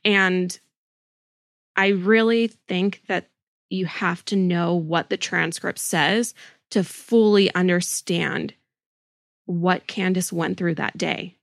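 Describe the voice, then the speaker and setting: An earnest woman hosts a true-crime podcast and lays out each point with deliberate emphasis. Her voice has a gravelly texture. The recording is close and dry. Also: on the low side, dry recording. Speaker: podcast host.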